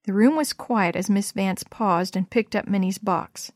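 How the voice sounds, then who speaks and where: Lady reading a christmas story, gentle and steady, dry close mic. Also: medium pitch, measured pace, no echo. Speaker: story reader.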